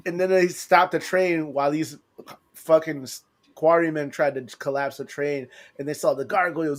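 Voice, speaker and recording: A man co-hosting a casual podcast chat, profane and animated, acting out quotes in a raised voice. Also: on the high side, moderate pace. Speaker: podcast co-host.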